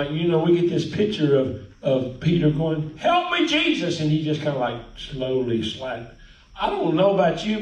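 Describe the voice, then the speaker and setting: A high-pitched pastor delivers a folksy, lively sermon sprinkled with hallelujahs and amens. Recorded from afar, his voice echoes around the church sanctuary.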